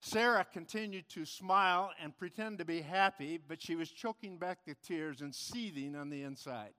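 A man's voice: a little high, normal speed, pushed and bright, clean tone, long reverb tail. A man preaching a sermon as pastor, earnest and storytelling, with occasional restarts. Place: church.

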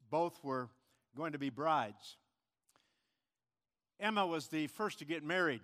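A man's voice: on the high side, a bit bright, big-room sound. A man preaching a sermon as pastor, earnest and storytelling, with occasional restarts. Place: church.

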